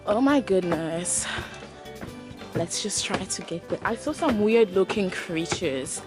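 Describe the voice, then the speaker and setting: A woman vlogging outdoors on a rainforest hill, excitable and often exclaiming in fright and awe. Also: mid-range voice, takes it slowly. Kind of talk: casual travel vlog. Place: outdoors on a hillside rainforest trail. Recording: music playing over the voice.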